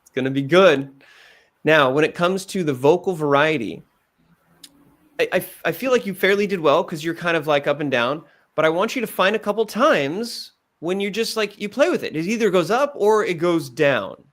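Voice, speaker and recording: A man giving direct, animated feedback as a pitch coach, acting out examples as he goes. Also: normal speed.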